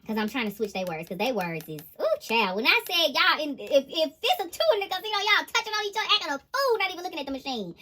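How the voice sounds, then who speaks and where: A woman giving a casual tarot reading to her viewers, animated and exclaiming as she goes. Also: high voice, rapid-fire, hardly any pauses. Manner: animated, laughing, exclaiming "ooh, child". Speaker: intuitive tarot reader.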